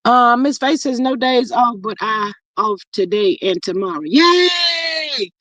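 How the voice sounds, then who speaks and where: A woman with a highish, slightly bright voice runs a casual livestream at a moderate pace with no echo. She reads viewer comments out loud and chats, calling listeners "child" and "y'all."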